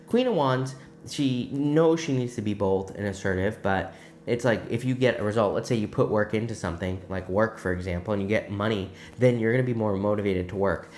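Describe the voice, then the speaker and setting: A man's voice: fairly low pitch, fairly quick, darkish tone, soft background music. A man reading tarot cards for his viewers in a musing, conversational way. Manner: conversational, musing, many "I feel" asides. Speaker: tarot reader.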